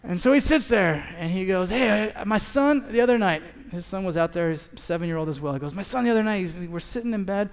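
A man's voice: high voice, animated, fast talker, few pauses. A man in his thirties preaching a sermon as a pastor, telling a story and acting out both sides of the conversation. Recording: long hall reverb.

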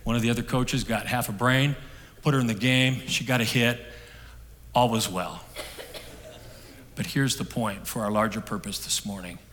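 A middle-aged man preaching a sermon, telling a story that swings from hushed and soft to loud. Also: mid-range voice, steady tone, moderate pace, pauses often, slight background noise. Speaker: pastor. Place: church hall. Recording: long hall reverb.

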